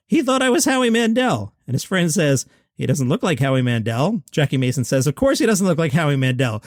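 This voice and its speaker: Animated man retelling comedy stories. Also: fairly high pitch, a little fast, no echo, studio quality. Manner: animated storytelling, acting out quoted voices. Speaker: podcast host.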